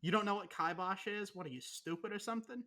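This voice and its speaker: A woman's voice: medium pitch, quick pace, bright, forceful tone. Sarcastic, foul-mouthed young woman. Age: young adult. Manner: profane, sarcastic teasing. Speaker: podcast co-host. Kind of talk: casual chat.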